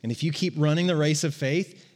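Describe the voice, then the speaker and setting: Man, pastor, sermon, slightly high voice, conversational, reverberant hall. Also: fairly quick. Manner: conversational, joking with the congregation.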